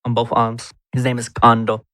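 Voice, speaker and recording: A man's voice: mid-range voice, monotone, moderate pace, pushed and bright. A man playing a tabletop game who talks in a playful, chatty way. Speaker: player. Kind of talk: casual tabletop game chat.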